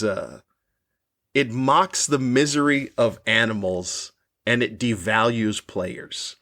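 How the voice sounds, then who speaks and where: A man's voice: medium pitch, fairly bright tone. A man, a comedian hosting his own podcast, delivering a cranky, profane rant with exasperated, mocking questions. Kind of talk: ranting comedy monologue.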